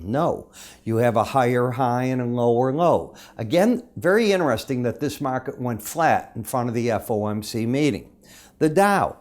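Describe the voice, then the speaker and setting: A man's voice: mid-range voice, a little mellow. A man giving daily market chart commentary, talking to viewers in a conversational way, calling them folks and asking himself questions before he answers them.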